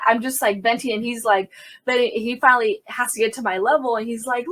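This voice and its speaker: A young adult woman, a crime scene investigator, telling a candid story in an interview and acting out the quotes loudly. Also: a little high, fairly quick. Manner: animated, acts out quotes loudly.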